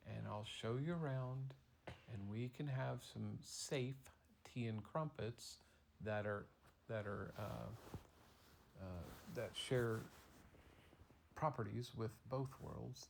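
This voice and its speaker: A man voicing a calm female French bulldog queen who speaks softly and matter-of-factly in a bedtime story. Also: medium pitch, vocal fry, a little hiss or hum.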